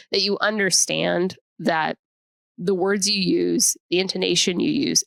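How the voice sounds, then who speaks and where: A middle-aged woman co-hosting a podcast, chatting casually and giving measured workplace advice. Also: on the low side, creaky, a bit bright, dry recording, clean studio sound. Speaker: podcast co-host. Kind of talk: casual chat.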